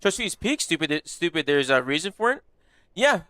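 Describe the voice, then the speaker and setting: A young man chatting live while he plays a game, loose and casual, with frequent swearing as he answers his chat. His voice is bright and clear and sits a little high for a man. The sound is dry and close. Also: sing-song, normal speed, no room sound. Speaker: game streamer.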